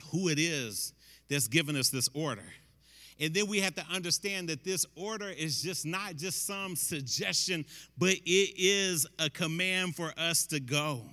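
Bright emphatic preacher man in a reverberant hall. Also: sits high. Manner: conversational, emphatic, says "man" often. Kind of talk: sermon.

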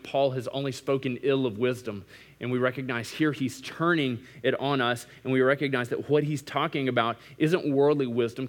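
A male pastor preaching a sermon, moving between quiet intimate passages and loud emphatic climaxes, with repetitive preaching cadence. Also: mid-range voice.

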